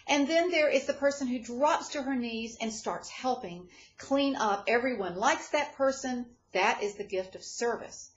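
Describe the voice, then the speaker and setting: A middle-aged woman giving an expressive, storytelling devotional talk as a ministry leader. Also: fairly high pitch, measured pace, hardly any pauses. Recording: dull lo-fi recording.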